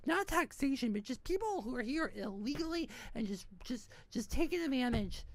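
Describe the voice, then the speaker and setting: A woman's voice: fairly high pitch, big pitch swings, moderate pace, few pauses. A woman in her thirties, from New Hampshire, ranting bitterly in a rambling, profane monologue full of restarts. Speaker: online community founder.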